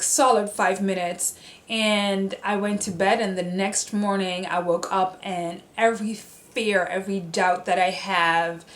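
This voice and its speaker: A young woman vlogger telling a personal story in a chatty, animated way, with many fillers. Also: medium pitch. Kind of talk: casual storytelling. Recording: roomy echo.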